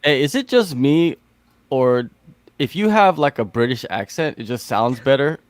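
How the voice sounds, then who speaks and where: A man's voice: medium pitch, expressive, normal speed, no echo. American guy hosting a podcast, rambly and easygoing, dry close sound. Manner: laid-back, rambling questions with many fillers. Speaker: podcast host. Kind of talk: casual chat.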